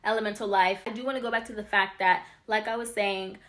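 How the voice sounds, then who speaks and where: On her own channel, a woman teaches spiritual ideas over slides in a casual, chatty way, getting excitable and talking directly to viewers she calls "y'all" and "you guys." She speaks fast at a medium pitch.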